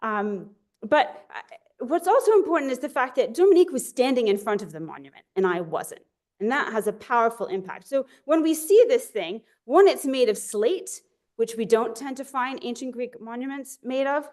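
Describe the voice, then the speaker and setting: A woman lecturing on ancient inscriptions in a chatty, self-deprecating way, often pausing on fillers and restarting her sentences. Her voice sits fairly high. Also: expressive, a little mellow. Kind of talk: academic lecture.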